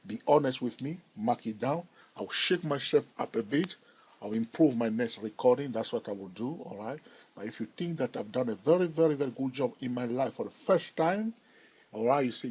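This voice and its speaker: A man's voice: medium pitch, lively intonation, brisk, darkish tone, breathy edge, dull audio. A man hosting a stock trading channel, explaining charts and chatting jokily with viewers, checking in often with "all right?". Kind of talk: chart analysis tutorial.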